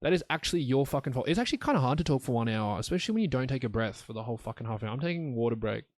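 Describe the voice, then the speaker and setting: A man's voice: medium pitch, lively intonation, very fast, no room sound, clean studio sound. A young man hosting a solo podcast, talking in a blunt, profane, rambling way. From Australia. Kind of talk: rambling casual monologue.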